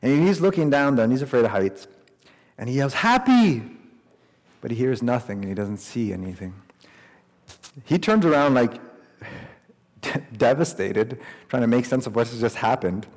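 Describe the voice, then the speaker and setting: A man's voice: medium pitch, lively intonation, normal speed, pauses often, a little mellow. A man delivers a sermon in an easy, storytelling manner, his voice sitting in a middle register. The sound carries the long reverb of a large hall. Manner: storytelling, conversational preaching. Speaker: pastor.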